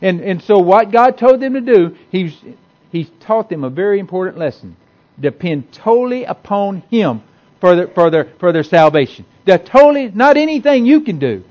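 Speaking at normal speed in a high, very animated voice, this man delivers a sermon to a congregation in a church hall. His style is folksy and chatty, full of repetition and frequent restarts, and the audio sounds dull.

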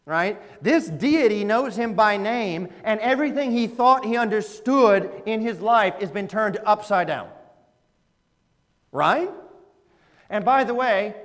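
Male preacher, animated sermon, bright high voice, big swings in pitch, echoey hall reverb. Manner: animated, conversational, laughs and asks the audience questions. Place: church.

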